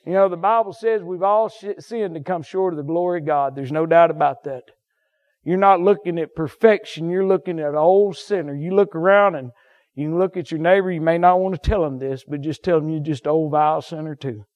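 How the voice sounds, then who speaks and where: A man preaching from the pulpit in a drawl, his voice sitting high and climbing into fervent shouts before falling soft and low. The recording is dull and muffled, like a church service captured on modest gear. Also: fairly quick. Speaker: pastor. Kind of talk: sermon.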